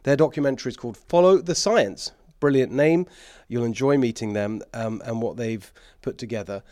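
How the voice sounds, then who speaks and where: A man's voice: medium pitch, normal speed, a little mellow, dry recording, clean studio sound. A man with an English accent hosting a political talk show, emphatic and sarcastic, with bursts of mockery and laughter.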